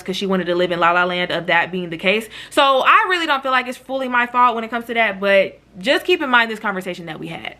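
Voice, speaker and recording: Bright-voiced woman telling a story. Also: on the high side. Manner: chatty, lively storytelling with slang, addressing viewers as "y'all". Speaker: vlogger. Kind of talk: storytime vlog.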